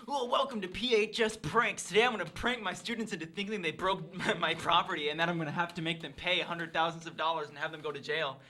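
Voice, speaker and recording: A young man mimicking a hyped teen prank-channel host, slow and showy. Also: on the high side, steady tone, sharp tone.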